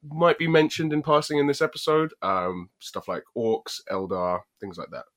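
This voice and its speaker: A man's voice: medium pitch, level tone, normal speed. A man co-hosting a podcast, joking around and explaining things at length in casual chat. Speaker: podcast co-host.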